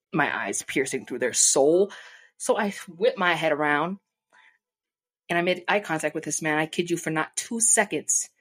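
A young woman vlogger casually telling a profane, animated story, acting out the people she quotes. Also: on the low side, breathy edge. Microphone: desk mic.

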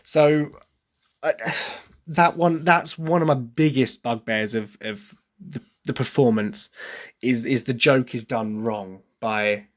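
Man from England, casual opinion monologue, rambling, self-correcting, mid-pitched voice. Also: takes it slowly. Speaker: podcast host reviewing a musical.

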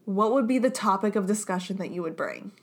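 A woman's voice: mid-range voice, expressive, fairly quick. Woman podcast co-host, tipsy and effusive, casual and sweary. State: tipsy on champagne. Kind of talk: casual chat.

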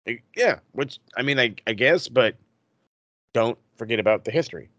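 A man's voice: mid-range voice, moderate pace, dry recording, lo-fi sound. A man co-hosting a podcast, chatting casually with lots of swearing and restarts. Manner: profane, animated, lots of restarts. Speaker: podcast co-host. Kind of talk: casual chat.

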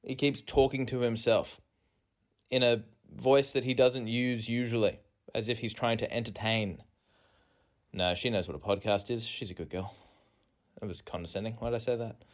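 A man talking solo into a phone in a rented flat, spinning out a meandering comic monologue at a mid-range pitch. He keeps mocking himself and his voice leaps suddenly upward on asides. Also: normal speed. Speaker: podcast host. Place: rented apartment. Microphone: phone recording.

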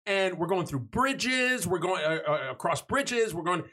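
A man's voice: sits high, a little slow. A man telling a story in casual group chat, swearing and acting out what people said. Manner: animated, profane, acts out quotes.

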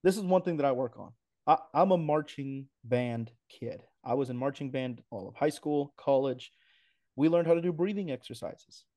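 A man's voice: medium pitch, moderate pace, dark tone. A man, a racing announcer, talking enthusiastically and emphatically in a casual podcast interview, with playful asides.

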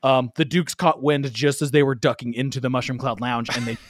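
A man's voice: mid-range voice, a little fast, a little hiss or hum. Man telling a rowdy story. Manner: animated, laughs often. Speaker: guest storyteller. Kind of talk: casual storytelling.

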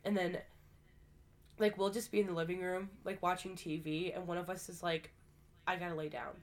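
A woman's voice: fairly low pitch, fairly even intonation, moderate pace. A woman co-hosting a casual podcast, sick and short of breath, telling stories with lots of swearing and laughter. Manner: profane, laughing storyteller. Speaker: podcast co-host.

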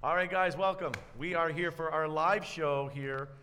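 A man hosts a live show and introduces his guests with an easy, jokey manner and frequent laughs. His voice sits at a middle pitch and rings in an echoey room. Faint background noise hums under it. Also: moderate pace, bright, forceful tone. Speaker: host. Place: paintball venue, indoors.

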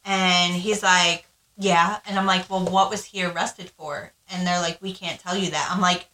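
A woman co-hosting a podcast tells her story in frank, casual conversation, swearing freely and acting out what people said. Her lowish voice has a sharp tone, fairly even intonation, and a moderate pace. The recording is rough and reverberant.

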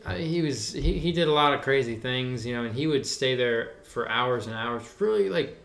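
A man's voice: medium pitch, animated, moderate pace, creaky, fairly bright tone. Laid-back young man, casual talk. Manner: laid-back, says "dude" a lot, enthusiastic. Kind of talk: casual chat. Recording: roomy echo.

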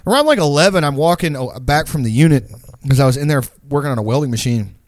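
A man's voice: on the high side, lively intonation, fast talker, no echo, clean studio sound. A young man telling a long, profane, rambling story in casual chat.

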